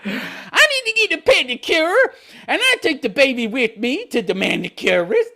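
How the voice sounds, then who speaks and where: A man voicing a whiny, entitled young stay-at-home mother in a high mocking falsetto. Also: wildly swooping pitch, normal speed, vocal fry, sharp tone, full character voice.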